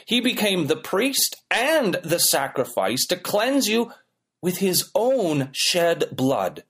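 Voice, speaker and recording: Pastor guy preaching, voice rises and falls a lot, kinda high, emphatic repeated lines. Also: fairly bright tone, husky. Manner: preaching with emphatic, rhythmic repetition. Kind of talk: sermon.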